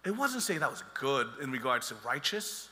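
A man's voice: medium pitch, very animated, normal speed, pushed and bright, big-room sound. A man preaching a sermon as pastor, talking in a conversational way and joking with the congregation.

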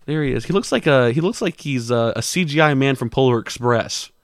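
A young man hosting a crude comedy podcast, talking deadpan and mock-serious into a close mic. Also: medium pitch, fairly quick, no room sound. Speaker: podcast host.

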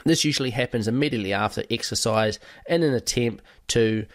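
A man's voice: medium pitch, brisk, no echo. Conversational male podcast host, dry sound. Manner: conversational, explains with lists and fillers. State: recovering from a cold. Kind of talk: podcast monologue.

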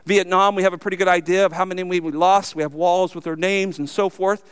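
High-voiced man preaching emphatically. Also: fairly even intonation, a little fast, clean tone. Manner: emphatic preaching with rhetorical questions. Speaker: pastor. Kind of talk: sermon.

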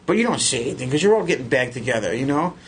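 A middle-aged man, a podcast guest telling animated stories and acting out the voices of other people. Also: mid-range voice, very fast, breathy edge. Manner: animated, acts out quoted voices. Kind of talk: casual storytelling chat.

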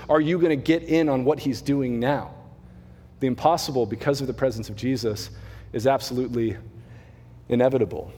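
A young man preaching as a mission pastor, his mid-pitched voice talking through scripture in an easy, animated way. The sound rings with the long reverb of a church hall. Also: slight background noise. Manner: conversational, animated preaching with asides. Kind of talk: sermon. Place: church sanctuary.

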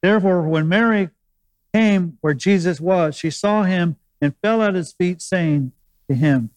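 A man's voice: high voice, measured pace, no room sound, low-quality recording. A man preaching a sermon as pastor, explaining scripture in a conversational teaching manner with asides and restarts.

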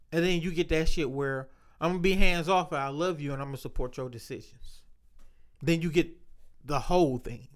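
A man in casual chat, telling loose, profane stories full of slang. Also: fairly high pitch.

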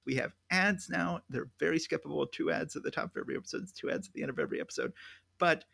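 A man's voice: fairly high pitch, racing, gravelly, fairly bright tone, breathy edge, no echo. A man hosting a podcast in casual chat, telling stories at length and laughing often. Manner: chatty, storytelling, laughs often. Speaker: podcast host.

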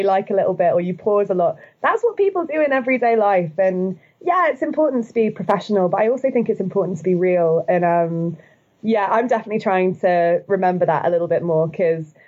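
A woman's voice: mid-range voice, lo-fi sound. A woman guest on a podcast, talking casually with lots of "like"s, light laughs and rising upward inflection at the ends of sentences. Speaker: guest, video host.

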